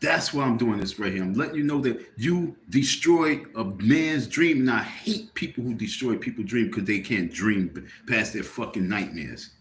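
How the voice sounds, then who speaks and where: A man's voice: fairly low pitch, animated, normal speed, few pauses, a bit bright. A man on a casual livestream, tired and irritated, rambling and repeating himself as he talks to his viewers. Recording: roomy with faint background noise.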